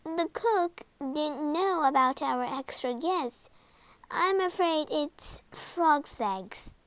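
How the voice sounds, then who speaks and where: A woman's voice: sits high, expressive, slow pace, a bit bright, no echo, pitched above the performer's own voice, heavily acted. A woman voicing a nervous young maid who talks in a hesitant, apologetic way.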